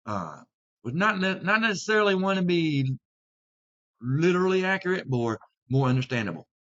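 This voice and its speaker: A man teaching about Bible translations in a video talk, speaking deliberately and stressing key words. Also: on the high side, very animated, a bit bright. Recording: slightly dull lo-fi sound.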